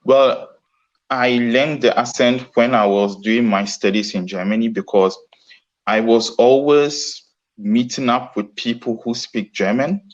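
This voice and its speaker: A man's voice: medium pitch, a little slow, muffled recording. A man answering interview questions earnestly, often restarting his sentences. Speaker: guest. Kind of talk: casual interview.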